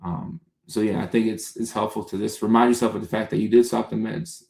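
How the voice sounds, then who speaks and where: A man hosting a casual livestream, answering viewers' comments by name in an unhurried, conversational way. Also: fairly low pitch, flat delivery, creaky, darkish tone, reverberant. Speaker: comedian and livestream host answering chat.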